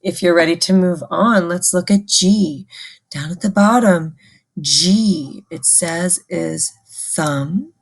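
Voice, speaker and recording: A woman's voice: lowish voice, slow, husky. A woman music teacher giving a patient, call-and-response recorder lesson to children.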